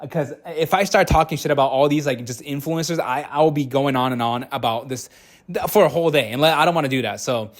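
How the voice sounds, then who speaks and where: A man's voice: medium pitch, fairly quick. A man in his twenties giving casual reaction commentary, blunt and exasperated, stumbling over restarts as he rants. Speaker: YouTube commentator.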